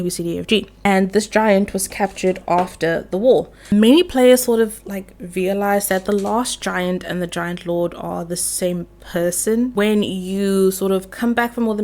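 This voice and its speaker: A woman's voice: mid-range voice, gravelly, a little mellow. Young female vlogger, casual and playful, gossipy lore chat, mid-range voice. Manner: chatty, playful, swears casually. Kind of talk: casual lore chat while doing makeup.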